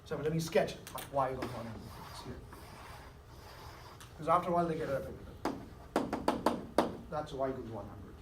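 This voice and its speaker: In an echoey classroom recorded from a distance with faint hiss, a male math teacher lectures and poses questions, gently coaxing students and repeatedly checking their understanding. His mid-range voice is animated, at normal speed, with long pauses.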